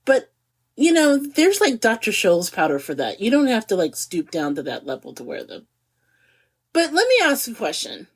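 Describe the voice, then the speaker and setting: Lively, slightly husky woman podcast host. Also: fairly high pitch. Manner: animated, giggly, drawn-out emphasis. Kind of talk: casual chat.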